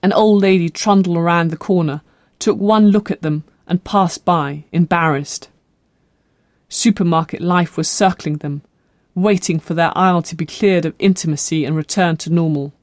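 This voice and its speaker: An audiobook narrator reading a novel in a measured, expressive way. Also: mid-range voice, dry recording, clean studio sound. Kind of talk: scripted narration.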